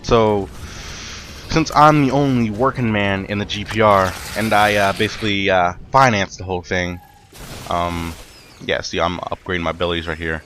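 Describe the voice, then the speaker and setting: Young man, lowish voice, casual gaming commentary, rambling story, lots of swearing and fillers, faint background noise. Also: fairly even intonation, normal speed, a bit bright. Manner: rambling, profane, many fillers and restarts. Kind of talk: casual storytelling while playing a game.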